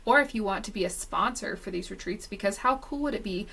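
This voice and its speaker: A woman hosts a podcast and turns to speak straight to the listeners. Her voice has a gravelly, fry-tinged edge, and her tone is encouraging. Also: medium pitch, lively intonation, quick pace, fairly bright tone, low-quality recording. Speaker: podcast host. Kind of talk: casual interview chat.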